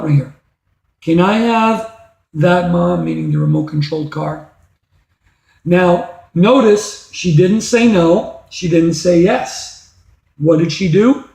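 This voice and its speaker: A man teaches a reading lesson, explaining patiently and asking rhetorical questions. His voice is gravelly with a mellow tone, and a little high for a man. It is recorded in an echoey room.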